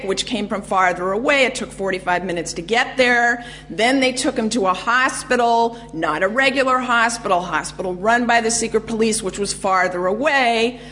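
A woman giving a public history lecture, telling a story in a measured way with frequent ums and uhs. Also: mid-range voice, fairly bright tone, slight background noise.

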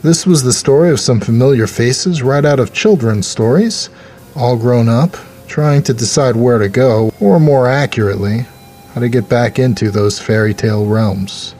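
A man's voice: medium pitch, normal speed, a little mellow, a little hiss or hum. A man hosting a fiction podcast, talking casually and reflectively to listeners. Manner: reflective, conversational. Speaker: podcast host. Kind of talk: casual podcast outro chat.

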